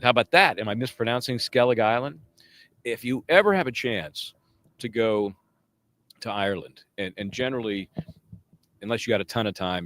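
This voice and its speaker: A man's voice: fairly low pitch, fairly bright tone. A man chatting casually on a live stream, rambling between topics and reading out viewer comments. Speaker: livestream legal commentator. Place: outdoors near a courthouse.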